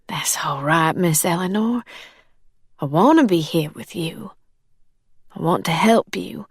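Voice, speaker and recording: A woman's voice: lowish voice, expressive, a little slow, husky, dry recording, studio quality, full character voice. A woman voicing a loyal older housekeeper who speaks deferentially in dialect grammar. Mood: pleading.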